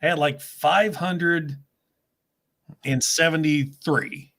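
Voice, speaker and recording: A man with a Southern US accent hosting a casual chat, telling stories quickly and laughing often. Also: fairly high pitch, fairly even intonation, fairly bright tone. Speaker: host.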